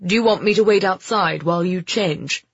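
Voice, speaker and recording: A man's voice: high voice, moderate pace, husky, dry recording, muffled recording. A narrator voicing an earnest, shy young man. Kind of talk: audiobook character voice.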